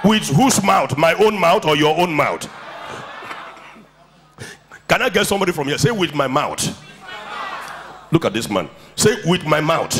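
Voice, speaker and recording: A man's voice: a little high, expressive, measured pace, pauses often, fairly bright tone, some chatter behind, a little hiss or hum. A man preaching a sermon in a church, telling stories and leading the congregation in call-and-response. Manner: storytelling, then rousing the congregation with call-and-response. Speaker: pastor.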